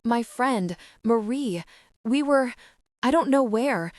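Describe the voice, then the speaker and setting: Woman playing a panicked young woman, sobbing, halting words, high voice, loud, dry audiobook sound. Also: animated, no room sound. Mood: panicked, tearful. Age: young adult. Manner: breathless, halting, frantic.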